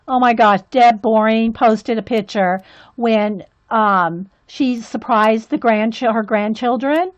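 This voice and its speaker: A woman with a slightly high voice speaks slowly as she hosts a casual coloring livestream with her viewers. She's chatty and gushing, exclaiming often, and the audio has a dull lo-fi quality.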